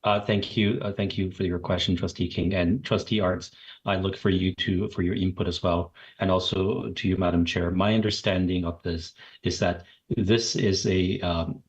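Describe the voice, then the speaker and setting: A man with a very low, husky voice speaks as a school board trustee who has joined remotely. He talks formally but hesitantly, with many fillers. The sound is dull and lo-fi. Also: steady tone, moderate pace. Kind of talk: formal board meeting remarks.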